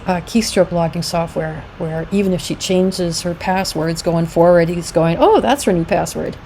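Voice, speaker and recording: A woman's voice: on the low side, dark tone, a little hiss or hum, low-quality recording. A middle-aged woman giving a conversational educational talk about abuse, with frequent fillers, and she acts out quoted lines as she goes. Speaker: founder of a domestic abuse support group, presenter.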